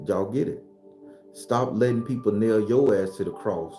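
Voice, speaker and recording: A man delivers an unscripted spiritual talk, blunt and full of profanity. His voice is mellow and dark, and it jumps higher and louder when he gets worked up. The room is echoey, with faint music behind him. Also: normal speed. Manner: gets loud and high-pitched when fired up. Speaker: spiritual teacher.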